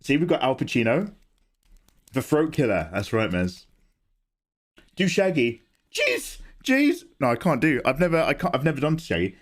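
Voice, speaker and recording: A man's voice: mid-range voice, animated, moderate pace, pauses often. A young man streaming live, chatting and joking in a rambling way from his home setup. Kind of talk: casual live-stream chat.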